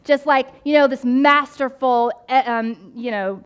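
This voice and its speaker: A woman pastor giving a sermon in a conversational, animated way, with casual asides and playful voices for the people she describes. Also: sits high, measured pace, clear, resonant tone.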